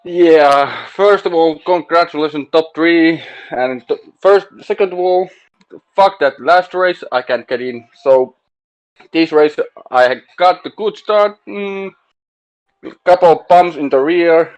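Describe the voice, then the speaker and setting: A sim racing driver answers after the race, slowly and haltingly. His voice sits a bit high. The line is muffled voice chat. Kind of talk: post-race interview over voice chat.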